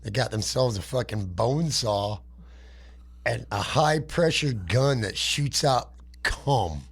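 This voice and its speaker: A man co-hosting a comedy podcast, telling a crude, profane, animated story and putting on voices for its characters. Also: mid-range voice, slow pace, vocal fry, breathy edge. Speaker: podcast co-host.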